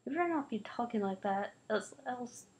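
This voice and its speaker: A woman's voice: on the high side, moderate pace, rough recording. Woman reading a novel aloud. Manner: lively, shifts voices for the children's quarrel. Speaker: reader.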